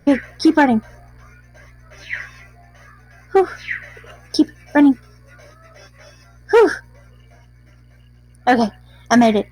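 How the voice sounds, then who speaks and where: A woman's voice: high-pitched, animated, slow, warm tone, faint music behind, rough recording. A young woman gamer chatting through a let's play, reacting aloud and reading dialogue.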